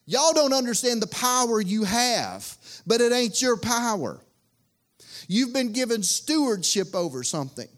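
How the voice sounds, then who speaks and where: Pastor guy preaching, folksy and chatty, high-ish voice, repeats himself a lot. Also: sing-song, unhurried. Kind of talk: sermon.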